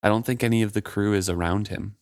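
A man co-hosting a book podcast, reading passages aloud and chatting about them in a measured way. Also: fairly low pitch, steady tone, no room sound, studio quality.

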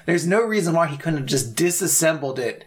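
A man's voice: a little high, lively intonation, brisk. A man co-hosting a podcast in casual chat, telling a story animatedly and acting out other people and sound effects. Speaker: podcast co-host.

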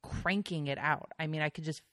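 A young woman with a notably low voice tells long, chatty stories as a podcast guest. She rambles, filling her sentences with "like" and the odd swear word. The sound is dry and close, with no room around it. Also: fairly quick, a bit bright, no echo. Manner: chatty storyteller with frequent fillers and swearing. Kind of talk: casual chat.

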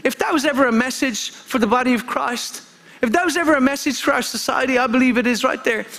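A man's voice: very high voice, fast, vocal fry, bright, forceful tone. A male preacher giving a fervent sermon, calling out for amens and often repeating himself and restarting his sentences. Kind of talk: impassioned sermon.

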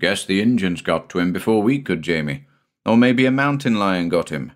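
A stern but kindly country doctor, brisk when he scolds his small son and teasing the rest of the time, as a man reading aloud plays him. His voice is low, but his delivery rises and falls with lively emphasis.

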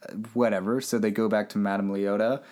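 A man's voice: on the low side, quick pace. Male podcast co-host, easygoing plot recap, mid-range voice, quotes the characters as he goes. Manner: relaxed storyteller, mimics characters' lines. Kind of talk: casual movie recap chat.

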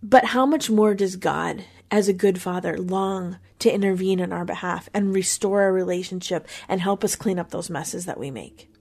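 A Christian podcast host from Pennsylvania, USA, offers an earnest, conversational devotional reflection on a psalm, repeating herself slightly as she thinks aloud. Her voice is fairly low, gravelly and a little mellow, at a moderate pace with hardly any pauses.

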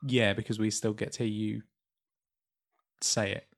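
A man's voice: lowish voice, level tone, measured pace, gravelly. A man cracking teasing jokes while playing a party game. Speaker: game player. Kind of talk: joking banter.

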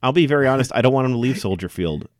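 A man's voice: mid-range voice, expressive, rapid-fire, dry recording, clean studio sound. A man co-hosting a casual sports chat, opinionated and laughing often, restarting his sentences as he talks. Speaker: podcast co-host.

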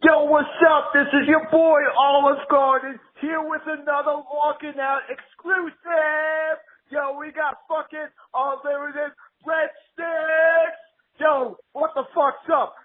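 A man puts on a brash young Jersey guy who stands for a restaurant, shouting and cursing in a high, pinched voice over a tinny phone line. The pitch stays high and locked in one narrow band the whole way through. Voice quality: shouty, cursing, hot-headed. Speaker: caller.

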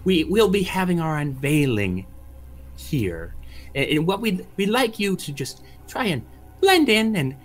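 Man putting on a fussy manor hostess, rambling, fretful, lively pitch, tabletop game. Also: exaggerated voice.

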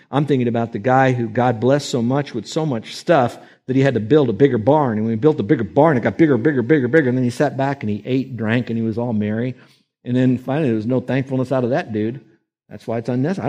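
A man at middle pitch preaching a sermon. His delivery is animated, and he leans into voices whenever he quotes someone. It sounds like an ordinary pulpit talk. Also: fast. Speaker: pastor.

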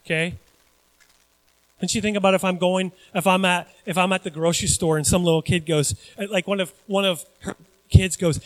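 A man with a notably high voice delivers an animated sermon, chatting with his listeners as he goes. The sound is close and dry, with no room echo. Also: normal speed. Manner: animated, conversational preaching with asides to the congregation. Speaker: pastor.

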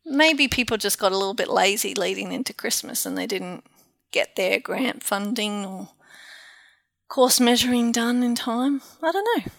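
A woman co-hosting a podcast, musing casually. Her voice sits fairly high with a gravelly edge. The sound is dry and close. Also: normal speed, fairly bright tone, dry recording. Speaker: podcast co-host. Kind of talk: casual chat.

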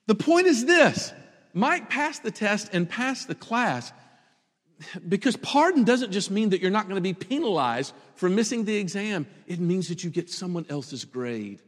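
A man preaching a sermon in an animated, conversational way, often laughing as he talks. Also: high-pitched, normal speed, long reverb tail.

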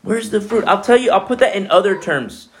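A man preaching a sermon as pastor, in a conversational, animated way full of asides. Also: high-pitched, fairly quick.

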